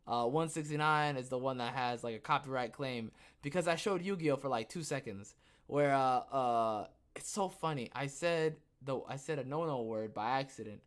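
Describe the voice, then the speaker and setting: A young man hosting a casual livestream podcast, rambling and joking, who bursts into loud, excited outbursts. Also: medium pitch, moderate pace. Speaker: podcast host.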